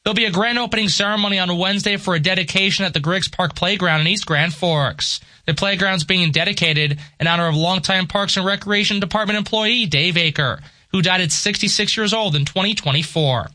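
A man reading a radio news bulletin in a crisp, measured newsreader delivery. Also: high-pitched, pushed and bright. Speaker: radio newscaster.

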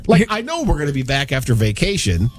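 A man's voice: mid-range voice, big pitch swings, quick pace, faint music behind. A man co-hosting a radio show, teasing his partner in a playful way during casual banter. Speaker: co-host.

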